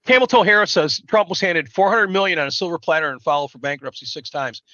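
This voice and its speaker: A man rambles through a live stream, loud and foul-mouthed. His voice is forceful and a bit high, and the sound is dull and dry, like a lo-fi mic. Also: animated, fast, dry recording. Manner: loud, rambling, swears constantly. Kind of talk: profane casual storytelling chat.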